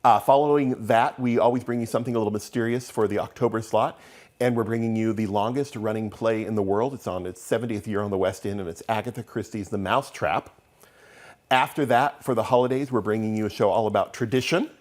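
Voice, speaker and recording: A man's voice: lowish voice, fairly even intonation, fast, darkish tone. A man, a theatre's artistic director, guesting in a TV studio interview, good-humored and upbeat as he runs through a season.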